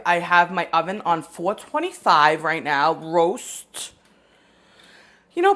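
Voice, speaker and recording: A woman's voice: a little high, a bit bright. A woman hosting a casual live cooking stream, chatting with viewers and explaining recipes in a rambling, friendly way. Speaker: cooking show host.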